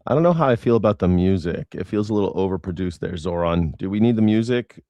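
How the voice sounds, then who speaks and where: A man's voice: low-pitched, expressive, fast talker, warm tone, no echo. A man in his forties from Los Angeles hosting a casual livestream, rambling and sarcastic with jokey asides. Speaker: host of a news reaction stream.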